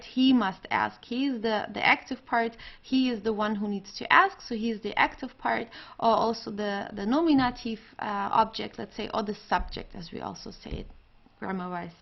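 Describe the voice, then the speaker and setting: A woman's voice: on the high side, creaky, lo-fi sound. A woman teaching an online language grammar lesson, explaining patiently with frequent fillers and restarts. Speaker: German teacher.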